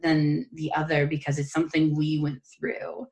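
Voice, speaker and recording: Low-voiced, earnest woman host. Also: monotone, normal speed, darkish tone. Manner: earnest, encouraging, conversational. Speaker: podcast host and yoga teacher. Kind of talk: casual conversation.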